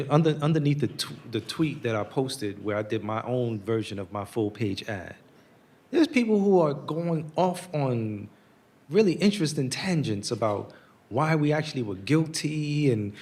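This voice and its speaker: A man's voice: medium pitch, darkish tone. A man in his forties from the United States, speaking as a guest in an earnest, storytelling way at a public talk. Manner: earnest, storytelling, acts out quotes.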